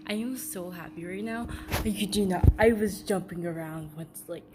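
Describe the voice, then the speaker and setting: Giggly, excited young woman unboxing. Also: fairly low pitch, takes it slowly, noisy background. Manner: giddy, giggly, rambling with many fillers. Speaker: vlogger. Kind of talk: casual unboxing vlog. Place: upstairs room at home. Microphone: phone held by the speaker.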